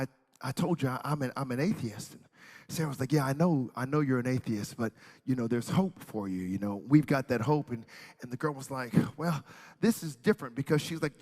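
A male pastor preaching a sermon, telling a story and then building to shouted preaching in a church. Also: fairly high pitch. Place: church hall. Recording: hall reverb.

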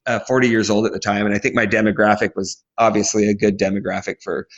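A man in his forties from Alaska tells his story as a podcast guest, slipping into acted-out quotes and stumbling over restarts as he goes. His voice sits low. The recording sounds dull and lo-fi. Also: quick pace. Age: 40s. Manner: animated storyteller, acts out quotes, frequent restarts. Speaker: guest athlete.

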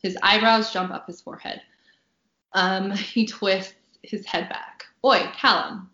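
A woman author reading a passage from her own novel aloud on a podcast, bubbly and quick to laugh between lines. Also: mid-range voice, fairly even intonation, sharp tone, reverberant, muffled recording. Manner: bubbly, laughs often, reads with dry punchy delivery.

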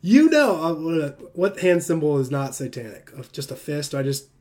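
A man's voice: on the high side, very animated, moderate pace, darkish tone. A young man hosting a livestream, preaching in a casual, emphatic rant and often breaking into self-mocking laughter. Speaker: livestream host.

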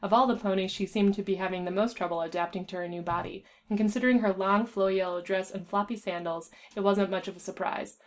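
Woman, casual story reader, stumbles and restarts, mid pitch. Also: steady tone, quick pace, few pauses. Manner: stumbles and restarts while reading. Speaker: fan fiction reader. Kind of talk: casual reading aloud with voices.

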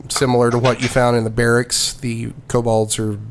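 A man narrating a tabletop game as its game master, taking his time and padding with ums and you-knows. His voice sits in a mid pitch. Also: level tone. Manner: unhurried, filler-heavy narration.

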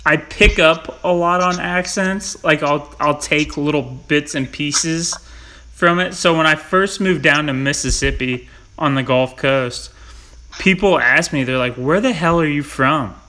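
This podcast host from Missouri speaks on the high side and a little slowly, with a sharp tone. He chats in a loose, rambling way, full of fillers and laughs.

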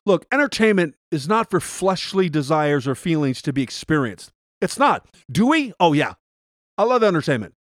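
A middle-aged man hosting a Christian devotional podcast, talking earnestly in a preachy way and building up to shouted rhetorical questions. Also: on the high side, big pitch swings, normal speed, no room sound, clean studio sound. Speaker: podcast host.

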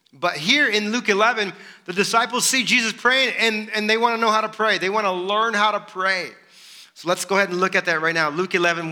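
A man preaching a sermon, animated and full of rhetorical questions. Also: sits high. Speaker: pastor.

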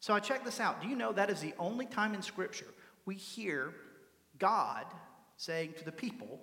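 Bright-voiced man preaching in an echoey hall. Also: sits high, expressive, normal speed. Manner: conversational, asks the congregation "right?" often. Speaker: pastor. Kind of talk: sermon. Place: church sanctuary.

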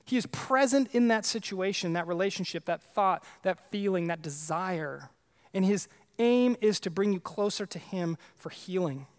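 High-voiced man preaching with emphasis. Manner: emphatic, repetitive preaching with conversational asides. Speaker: pastor. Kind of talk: sermon.

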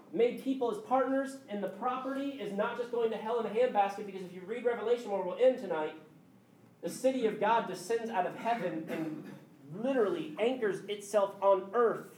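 A pastor delivering a sermon and acting out dialogue with God in voices, at times loud and exclaiming, at times hushed. The voice is picked up from far off and rings through a roomy hall. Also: medium pitch.

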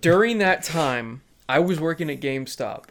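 A young man in casual chat, telling stories in an easygoing, expressive way. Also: a little high, moderate pace.

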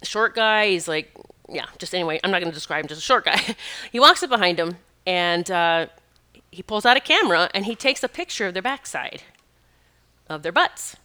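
A woman podcast host tells a personal story, drifting off track and correcting herself as she goes. Her voice is bright and crisp, with a clean, resonant tone. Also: lowish voice, moderate pace. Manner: rambling, self-correcting, lively retelling.

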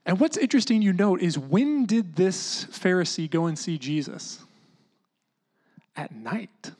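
A preacher giving a conversational sermon, explaining scripture in a loose, chatty way full of "like" and "you know", sometimes dropping to a hush. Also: mid-range voice, moderate pace. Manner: casual, animated teaching with lots of "like" and "you know"; often drops into a hushed voice to act out quotes.

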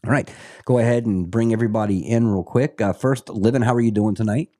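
A man's voice: on the low side, warm tone. Scottish man hosting a Christian podcast. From Scotland. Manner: earnest, prays slowly, laughs often. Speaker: host. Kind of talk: casual Christian podcast chat with prayer.

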